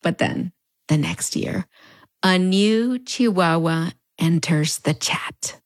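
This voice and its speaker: A woman in her thirties, accented with Mexican American border fronterizo speech, hosts scripted commentary on pop culture in a wry, conversational style full of playful pitch swings. She talks slowly, and there's no echo.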